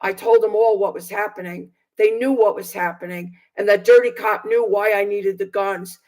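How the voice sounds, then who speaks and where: A woman who preaches on video tells her own story as a personal testimony, in an earnest, indignant and halting way with many fillers and restarts. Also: mid-range voice, steady tone, darkish tone, poor audio.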